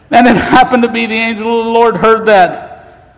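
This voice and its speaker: A man preaches with fervent emotion, his voice pitched unusually high. His sermon swells toward shouting. The sound carries a long church-hall reverb. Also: steady tone, moderate pace.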